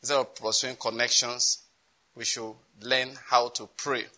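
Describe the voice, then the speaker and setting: Preacher guy, sharp bright voice, laughs a lot mid-sermon, chatty asides. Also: mid-range voice, little pitch movement, a little slow, rough recording. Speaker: pastor.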